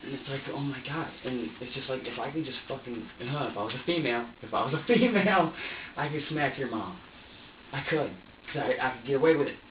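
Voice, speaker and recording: A young man in his twenties, medium-pitched and quick, is a suspect in a police interrogation, talking in an agitated, rambling, profane way and restarting his sentences again and again. A room camera picks him up from a distance across a roomy interview room. The lo-fi recording sounds dull, with faint hiss beneath it.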